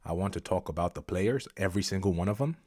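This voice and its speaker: Fed-up male football vlogger, very low voice, dry close sound, repetitive rant. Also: lively intonation, quick pace, darkish tone, no echo. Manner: frustrated, repetitive, exasperated. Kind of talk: ranting football vlog.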